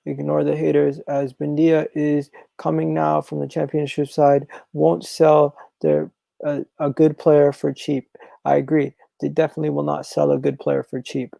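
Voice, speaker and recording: A man hosting a live football talk stream, reading viewer comments and repeating his phrases in a chatty, animated way. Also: a little high, normal speed, creaky, no echo, rough recording. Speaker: football channel host.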